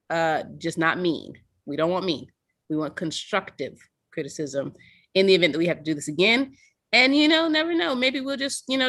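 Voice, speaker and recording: A woman's voice: mid-range voice, fairly bright tone, no room sound, studio quality. A woman in her thirties, an organizer giving a playful, candid thank-you speech over a video call, teasing and swearing freely. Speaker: slam organizer.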